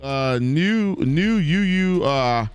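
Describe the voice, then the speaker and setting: A man hosting a casual podcast interview, halting as he reads out questions. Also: fairly high pitch, animated, smooth, no echo, faint music behind. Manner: halting, loses his place while reading questions. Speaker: podcast host.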